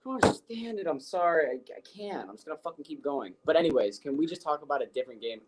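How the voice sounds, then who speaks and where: A man's voice: on the high side, animated, quick pace, slight background noise, low-quality recording. A man co-hosting a sports podcast, ranting with heavy profanity and frustration. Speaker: podcast co-host. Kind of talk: heated sports rant.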